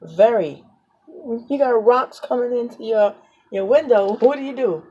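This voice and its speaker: A woman's voice: on the high side, measured pace, mellow, breathy edge, muffled recording. A woman with a New York accent films her apartment and vents her anger with defiant, repeated phrases, laughing between lines. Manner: defiant, repetitive, laughs mid-rant. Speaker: public housing tenant vlogger. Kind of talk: angry phone-camera vlog. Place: apartment, indoors.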